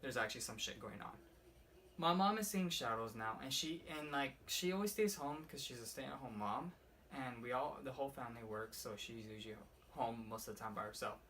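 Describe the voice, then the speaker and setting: A young man casually rambling through a personal ghost story for his vlog, swearing often and filling every pause with "like". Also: mid-range voice, fairly bright tone. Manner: rambling, profane, heavy use of "like". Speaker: vlogger. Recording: slightly distant mic with faint room noise.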